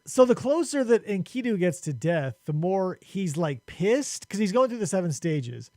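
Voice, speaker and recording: A man's voice: high-pitched, very animated, normal speed, a little mellow, dry recording, studio quality. A man hosting a podcast, recapping an ancient epic in a casual, crude, joking way. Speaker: podcast host. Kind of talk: casual, profane story recap.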